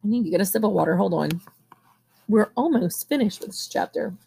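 A woman reading a novel aloud at a steady pace, now and then pausing to correct herself. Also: mid-range voice, vocal fry, husky. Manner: steady reading with occasional coughs and self-corrections. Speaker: audiobook reader. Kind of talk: amateur audiobook reading.

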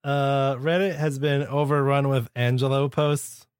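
A man's voice: medium pitch, fairly even intonation, a little slow, clear, resonant tone, no echo, clean studio sound. A man co-hosting a podcast, chatting playfully and laughing easily. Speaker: podcast co-host. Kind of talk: casual podcast chat.

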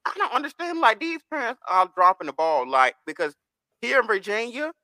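Bright, expressive ranting podcast voice. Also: medium pitch, fairly quick, dry recording. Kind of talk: casual chat.

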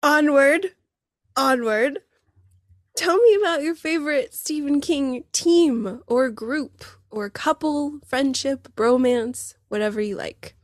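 A woman's voice: high-pitched, a little slow, hardly any pauses, darkish tone, no room sound, studio quality. A woman hosting a book podcast, chatting casually in an effusive, emotional way. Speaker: podcast host. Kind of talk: casual chat.

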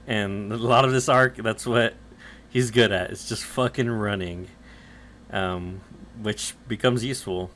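On the low side yet fairly bright, this co-host's voice is steady in tone and unhurried. He recaps anime on a podcast through casual, loose chat with lots of fillers, swearing, and acted-out character lines.

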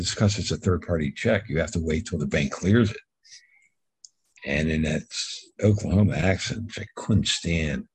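Middle-aged man, husky low voice, casual rambling storyteller in an interview. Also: no echo. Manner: rambling anecdotal storyteller, repeats words. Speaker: guest telling his life story.

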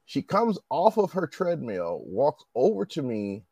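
Animated, swearing man telling stories. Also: on the high side, measured pace, creaky, dry recording. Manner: animated, swearing, acts out quotes in dialogue. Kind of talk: casual chat, storytelling.

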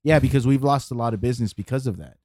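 A man in his forties chatting on a podcast in a relaxed, rambling way with many fillers and repeated words. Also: mid-range voice, racing, no room sound, studio quality. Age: 40s. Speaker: podcast co-host. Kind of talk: casual chat.

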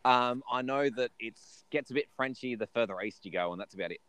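An Australian man chatting as a guest in a relaxed, easygoing and self-deprecating way. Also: medium pitch, brisk, clean tone, no room sound. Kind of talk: casual chat.

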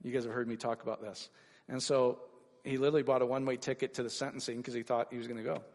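A man preaching a sermon to a congregation, animated and rising to excited exclamations. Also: mid-range voice, racing, long reverb tail.

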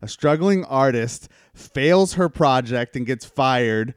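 A man co-hosting a podcast, animated and jokey, swearing freely as he chats. His voice is mid-pitched and recorded close and dry. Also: takes it slowly, smooth, dry recording. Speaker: podcast co-host. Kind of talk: casual chat.

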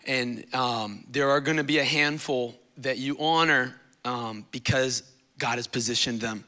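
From the church stage, a thirtysomething man preaches as a guest, speaking at a measured pace in a sharp, mid-range voice. His sermon wanders and turns emotional, with moments where he becomes tearful.

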